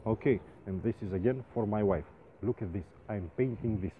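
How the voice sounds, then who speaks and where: A man telling a funny story in halting English, full of restarts and comic exaggeration. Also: on the low side. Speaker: rope access painter. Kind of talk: casual storytelling vlog. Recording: phone-like sound with faint noise.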